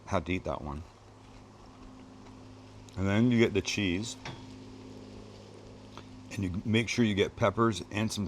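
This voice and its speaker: A man's voice: on the low side, a little hiss or hum. Gushing male cooking show host. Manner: gushing, exclamatory praise of food; chatty asides to crew. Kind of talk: casual cooking demonstration.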